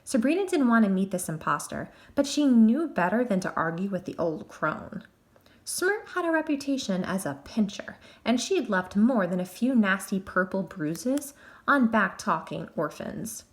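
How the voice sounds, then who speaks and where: A woman narrating a children's novel aloud in an expressive, animated way. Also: mid-range voice, normal speed. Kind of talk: storybook read-aloud.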